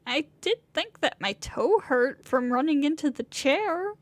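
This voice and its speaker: A woman's voice: high voice, lively intonation, a little slow, no room sound. A woman reading the first-person narration of a flustered young male student, bewildered and rambling. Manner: bewildered, rambling inner monologue.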